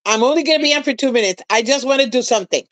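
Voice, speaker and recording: A woman dropping into a livestream, chatting in a doting, hurried way with the host. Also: high-pitched, no echo. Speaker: guest on a livestream. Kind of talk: casual chat.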